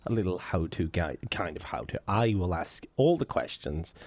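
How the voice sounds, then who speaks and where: Playful man with a lively low voice. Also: normal speed, no echo. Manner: playful, laughs often at his own jokes. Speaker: podcast host. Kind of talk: casual chat.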